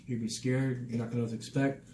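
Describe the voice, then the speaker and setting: A young man hosts his vlog in a casual, chatty way, easygoing at first and then lively and animated. His voice sits at an ordinary pitch and bounces around an echoey room. Steady background noise runs underneath. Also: very fast. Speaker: vlog host, Navy sailor. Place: military barracks room.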